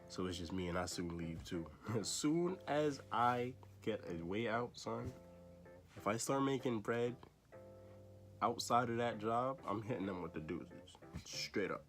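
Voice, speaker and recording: A young man talks straight to his own camera, easygoing and full of slang, often breaking into a chuckle. He is sick, so his voice sits deeper than usual. Faint music plays behind him. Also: lively intonation, unhurried. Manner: slangy, laid-back, chuckling between remarks. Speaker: vlogger. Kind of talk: casual storytelling to camera. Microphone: camera he set up facing himself.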